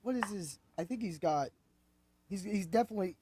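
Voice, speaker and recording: Excitable rambling male podcast host. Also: high-pitched, fairly quick, slight background noise. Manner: excitable, rambling, self-correcting. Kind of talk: animated sports betting chat.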